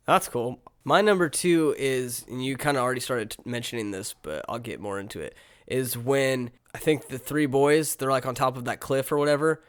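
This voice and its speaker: A man co-hosting a casual movie review podcast, retelling scenes in an animated way and filling his talk with "like.". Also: medium pitch, moderate pace. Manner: animated retelling, heavy use of "like". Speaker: podcast co-host.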